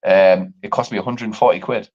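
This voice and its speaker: A man hosting a live show, telling a long story casually, swearing a lot and acting out the other people's lines. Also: fairly quick. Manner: animated, swearing, acts out quotes with big pitch jumps. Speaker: podcast host. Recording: dull lo-fi live stream audio.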